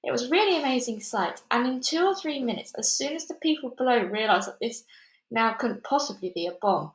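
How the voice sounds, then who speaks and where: A woman reading a children's book aloud chapter by chapter, steady with small slips and restarts. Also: fairly high pitch, a little fast. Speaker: storybook reader. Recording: echoey room.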